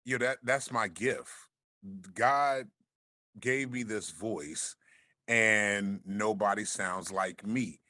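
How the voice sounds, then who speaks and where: A man with a deep, smooth voice, chatting as a podcast guest and telling a laid-back story, swearing freely. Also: drawn-out words, bright, forceful tone, no room sound, clean studio sound. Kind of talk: casual chat.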